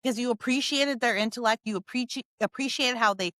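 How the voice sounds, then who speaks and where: A woman's voice: on the high side, brisk, fairly bright tone, no echo. A woman hosting a political opinion monologue, talking emphatically and sarcastically and hammering points by repeating them. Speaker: political commentator host.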